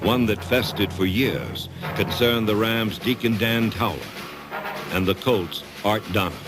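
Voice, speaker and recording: A man giving dramatic, measured scripted documentary narration. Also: lowish voice. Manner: dramatic, measured, emphatic delivery. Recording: narration over loud music score.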